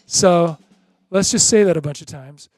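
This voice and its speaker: Brief: patient drum teacher for total beginners, unhurried and encouraging, chants beats aloud, dry close sound. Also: mid-range voice, darkish tone, dry recording, soft background music.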